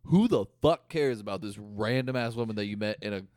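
A young man co-hosting a podcast, chatting casually and crudely about a movie, quick to joke. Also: on the low side, animated, darkish tone, dry recording, clean studio sound. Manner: crude, joking, laughs easily. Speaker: podcast co-host. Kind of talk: casual movie recap chat.

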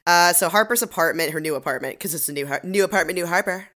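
A woman co-hosting a podcast recaps a TV episode in casual chat, laughing often and acting out the characters' lines. Her voice is on the low side, fast, and a bit bright.

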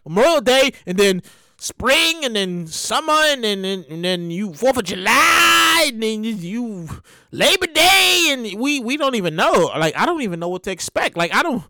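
Woman, comedic storyteller, slangy rambling talk, bright tone, dry close sound. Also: on the high side, dry recording. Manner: animated, slangy, rambling with exclamations. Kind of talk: casual comedic monologue.

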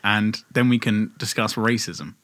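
A man's voice: lowish voice, measured pace, fairly bright tone. A young man bantering on a podcast, teasing his co-host and swearing heavily. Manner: teasing, needling, heavy swearing.

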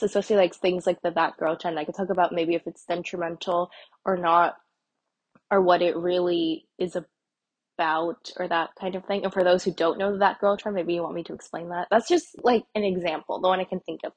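A woman's voice: fairly low pitch, a little mellow, breathy edge. A young woman hosting a casual solo podcast, rambling and chatty with lots of fillers and restarts, recorded on an earbud mic while walking around. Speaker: podcast host. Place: walking indoors. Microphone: earbud microphone.

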